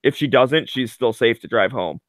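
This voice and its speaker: A man's voice: mid-range voice, animated, normal speed, no echo. A man telling a rambling story in casual chat, full of "like" and fillers.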